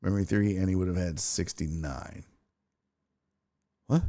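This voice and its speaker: A man's voice: sits low, a little slow, creaky, long pauses, mellow. A man hosting a live-streamed sports talk show, chatting loosely with viewers, joking and swearing. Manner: loose, profane, joking banter with chat.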